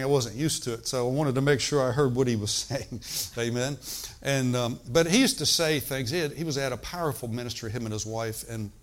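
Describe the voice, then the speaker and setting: An older man, a pastor, teaching a sermon in an easygoing, talky way and often checking in with the congregation. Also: mid-range voice. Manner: conversational preaching with frequent call-and-response asides.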